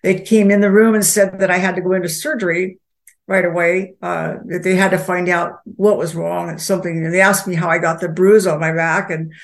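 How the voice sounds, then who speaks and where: An older woman telling a personal story as a guest, halting, with many pauses and restarts. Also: lowish voice, flat delivery.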